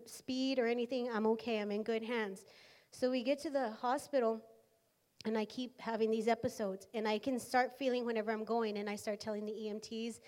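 A woman's voice: fairly high pitch, darkish tone. Earnest woman telling her testimony. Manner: earnest storytelling, acting out dialogue. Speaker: speaker sharing a testimony. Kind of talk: personal testimony in church.

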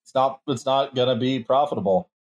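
A man's voice: mid-range voice, brisk. A young man co-hosting a podcast, ranting in mocking, profane banter. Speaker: podcast co-host. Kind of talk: casual political banter.

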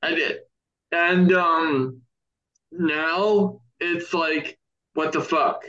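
A man with a fairly high voice speaks slowly and bluntly, dropping swear words as he gives his opinion. His audio sounds dull and lo-fi, with faint music behind him. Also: fairly even intonation, bright, forceful tone. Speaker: podcast co-host. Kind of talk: casual chat.

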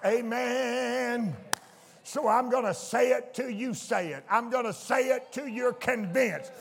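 A man preaching a fervent sermon to his church, shouting out exclamations. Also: extremely high pitch, vocal fry, husky. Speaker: pastor. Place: church sanctuary. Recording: echoey church hall with congregation.

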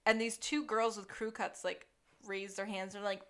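A woman's voice: medium pitch, little pitch movement, normal speed, a bit bright. A woman co-hosting a podcast, chatting casually about a TV episode, laughing often and adding playful asides. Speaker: podcast co-host. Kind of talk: casual recap chat.

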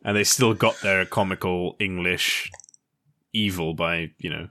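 A man's voice: sits low, unhurried, sharp tone. A man co-hosting a podcast, chatting casually in a hesitant, musing way and laughing often. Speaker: podcast co-host. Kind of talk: casual chat.

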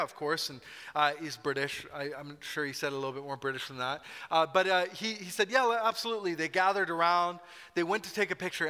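A man's voice: a little high, sharp tone. A man preaching a sermon as pastor, telling a story in a conversational way and acting out quotes playfully. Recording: reverberant hall.

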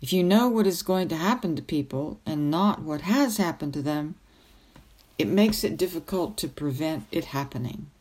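A woman's voice: sits low, expressive, normal speed, a little mellow. A woman voicing an old male wizard tutor who lectures kindly but sternly in a storybook reading. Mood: musing.

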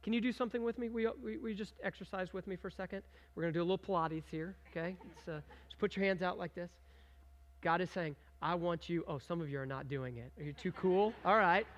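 A man's voice: high-pitched, fast talker. A man preaching a sermon, reading scripture aloud and talking conversationally with his congregation, asking them questions and prompting them to join in. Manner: reads scripture aloud with rising emphasis. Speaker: pastor.

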